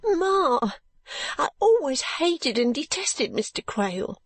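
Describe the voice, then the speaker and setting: A woman's voice: fairly high pitch, unhurried, no echo, pitched above the performer's own voice. A woman voicing a tearful young daughter who pleads with her mother through sobs. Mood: pleading tearful. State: sobbing.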